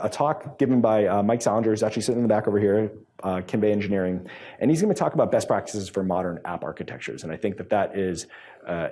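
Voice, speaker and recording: A man's voice: on the low side, mellow. A man from New England giving a casual conference talk and taking questions, with many fillers and restarts. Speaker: conference speaker. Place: conference room.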